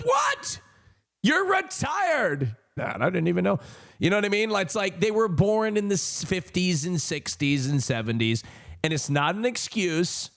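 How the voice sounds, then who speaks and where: A young man streaming, telling a rambling casual story with sudden high joking outbursts. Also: creaky.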